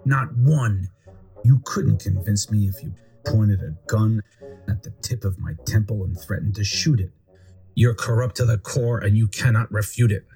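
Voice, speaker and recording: A man reading aloud as a furious, fed-up storybook man who rants and shouts at his doctor, voice pushed a little higher than a plain speaking voice, mellow and dark in tone over faint background music. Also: normal speed, close to an everyday voice. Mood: angry. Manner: shouting, indignant.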